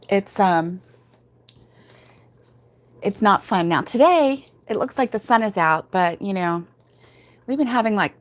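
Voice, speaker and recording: A sleepy woman chatting slowly from home as she hosts a crochet livestream. She rambles through plenty of fillers, laughs often and answers viewers by name, sounding drowsy and unhurried at a middling pitch. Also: no echo. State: sleepy, yawning. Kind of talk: casual livestream chat, reading viewer comments aloud.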